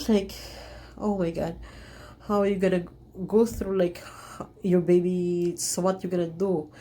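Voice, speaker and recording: A woman vlogger telling a personal story in an earnest, emotional way, halting often with fillers and restarts. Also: lowish voice, level tone, mellow, slight background noise.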